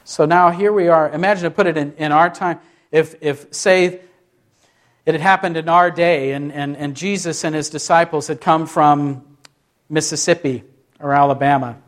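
Male pastor, fairly high voice, preaches in a sermon style with questions and quick acted-out lines. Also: steady tone. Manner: asks questions and acts out short quotes.

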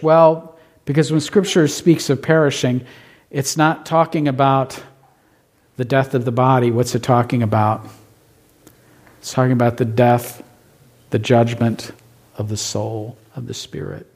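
A man preaching a sermon as pastor, emphatic, asking rhetorical questions of his congregation. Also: a little high.

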